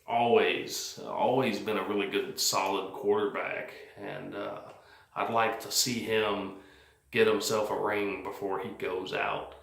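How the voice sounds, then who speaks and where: A man's voice: fairly low pitch, a bit bright, reverberant. A man vlogging his post-game thoughts on his team, rambling and plain-spoken with many fillers. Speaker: sports fan vlogger. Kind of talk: casual post-game commentary. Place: cold house, indoors.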